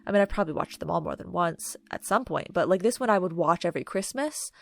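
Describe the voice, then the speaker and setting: A woman chatting casually to camera while ranking movies, gushing and filling pauses with "um" and "like". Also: on the low side, expressive, creaky. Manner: chatty, gushing, many fillers. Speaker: video creator ranking movies. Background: faint background music.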